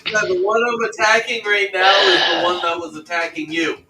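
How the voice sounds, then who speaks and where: A man's voice: high voice, normal speed, bright, forceful tone. A man playing a tabletop game in casual chat, laughing easily. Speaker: player. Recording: distant noisy mic.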